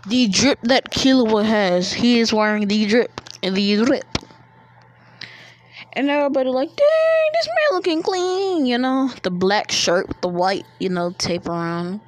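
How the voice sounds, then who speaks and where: A woman's voice: medium pitch, measured pace, a little hiss or hum. Rambling slangy woman telling a story. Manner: rambling and slangy, many fillers. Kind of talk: casual fan-fiction storytelling.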